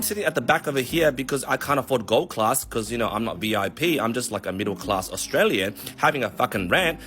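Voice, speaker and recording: A man who works as a mortgage broker, ranting in a profane, animated way on a casual vlog. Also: medium pitch, fast, hardly any pauses, soft background music.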